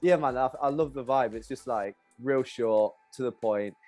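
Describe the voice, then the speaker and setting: A man's voice: medium pitch, normal speed, darkish tone, faint music behind. Chatty man hosting a podcast. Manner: laughs often, calls the guest brother. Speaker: podcast host. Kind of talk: casual chat.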